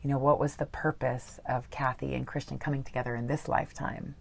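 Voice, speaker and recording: A woman with an unusually low voice and a gravelly edge. She talks through a personal story earnestly, in casual interview style with lots of fillers. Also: flat delivery, brisk. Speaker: guest.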